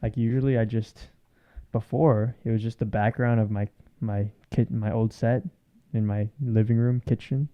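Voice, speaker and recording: A man's voice: fairly low pitch, level tone, moderate pace, smooth, highs cut off. A man in his twenties co-hosting a podcast in casual chat, laid-back, laughing often and leaning on "like.". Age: 20s. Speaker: podcast co-host.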